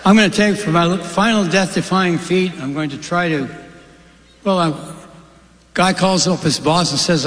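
A man doing stand-up, telling jokes one after another in a deadpan delivery on a stage. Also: a little high, moderate pace, big-room sound. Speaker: stand-up comedian.

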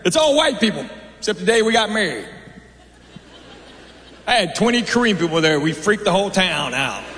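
A man's voice: sits high, very animated, moderate pace, pauses often, a bit bright. A middle-aged man doing a stand-up comedy set on stage, telling dry, conversational stories with asides to the crowd. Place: large hall on stage. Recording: roomy hall reverb, faint noise.

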